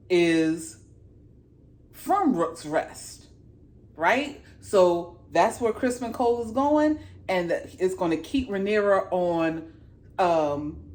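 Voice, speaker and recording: A woman giving a casual, slangy recap of a TV episode, speaking with animated emphasis. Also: on the low side. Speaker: TV show reviewer.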